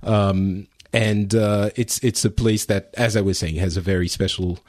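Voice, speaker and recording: A man's voice: lowish voice, fairly even intonation, moderate pace, darkish tone, no echo, studio quality. A middle-aged man from France hosting a casual podcast chat, teasing and restarting his sentences often. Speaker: podcast host.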